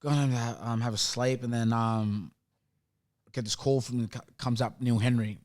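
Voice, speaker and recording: A man's voice: medium pitch, moderate pace. A young Australian man, a rugby league player, chatting as a podcast guest in a loose, laughing storytelling style, acting out quoted conversations. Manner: animated, laughing, acts out quoted dialogue. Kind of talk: casual storytelling chat.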